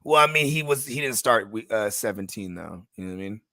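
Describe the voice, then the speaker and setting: A man riffing through a late-night sports chat with loose, profane humor and animated storytelling. His voice has a gravelly grain with a bright, forward tone. The sound is dry and close. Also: lowish voice, a little fast, no room sound. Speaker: podcast co-host. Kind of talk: casual late-night fantasy football chat.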